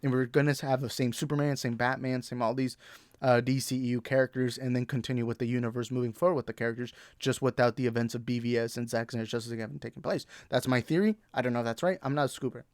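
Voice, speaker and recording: A man's voice: mid-range voice, steady tone, fast talker, dry recording, studio quality. A young adult man hosting a movie talk show, ranting bluntly and profanely in exasperation. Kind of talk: heated ranting commentary.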